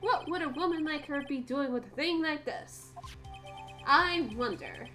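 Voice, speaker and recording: An earnest young defense lawyer, voiced by a woman, muses aloud to himself in a fairly high voice. Faint game music sits beneath him. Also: measured pace, bright, forceful tone. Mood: musing.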